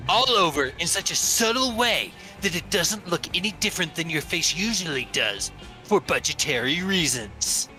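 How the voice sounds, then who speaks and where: A man voicing a loud, brash young male demon hosting a makeup livestream, in a hyped influencer manner. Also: full character voice. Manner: hyped, shouting influencer pitch.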